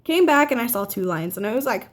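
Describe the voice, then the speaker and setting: A nineteen-year-old woman telling a casual story at home, chatty and animated, quoting the people in her story. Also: a little high, quick pace. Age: teens. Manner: chatty, animated retelling with quoted dialogue. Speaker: vlogger. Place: home living room by a window.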